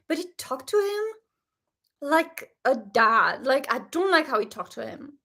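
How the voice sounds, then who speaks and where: A woman hosting a casual reaction vlog, talking straight to her viewers in an animated, indignant way. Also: high-pitched, measured pace. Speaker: show reaction host.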